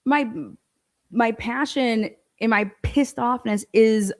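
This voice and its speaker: Slightly high-pitched and slow-paced, this female show host and legal commentator rants about a court ruling with profanity and exasperation. Her animated delivery keeps climbing into bursts of disbelief.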